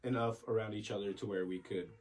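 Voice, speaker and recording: A man's voice: on the low side, steady tone, quick pace, a little mellow. A man co-hosting a podcast, joking and laughing often in casual chat. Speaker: podcast co-host.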